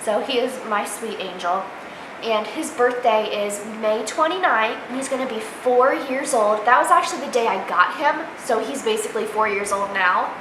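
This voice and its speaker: A woman's voice: fairly high pitch, normal speed. A young woman vlogging casually about her pet rabbit, chatty and gushing. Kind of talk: casual pet tag vlog. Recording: echoey room, faint noise.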